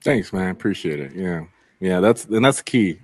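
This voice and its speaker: A man with a fairly low voice talks as a guest on a podcast, telling stories candidly in a loose, rambling way. He swears freely and leans on fillers. The sound is close and dry, with almost no room around it. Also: animated, normal speed, a little mellow, dry recording. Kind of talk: casual conversation.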